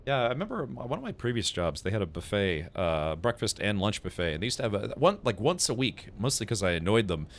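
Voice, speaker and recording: A man's voice: on the low side, sing-song, fast talker, few pauses. Rambling, laughing man streaming a game. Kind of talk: casual gaming stream chat.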